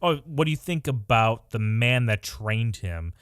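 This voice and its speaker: A young man co-hosting a podcast, talking in an animated, exasperated way in casual chat. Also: medium pitch, a little slow, smooth, no room sound, clean studio sound. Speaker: podcast co-host.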